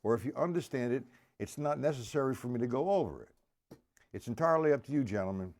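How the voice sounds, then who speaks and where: A man teaching drums on a live stream, counting the beats out loud and making gruff, cussing asides to his viewers. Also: medium pitch, animated, fast talker. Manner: counts beats aloud loudly, gruff asides and mild swearing. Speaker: drum teacher. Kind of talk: live-streamed drum lesson.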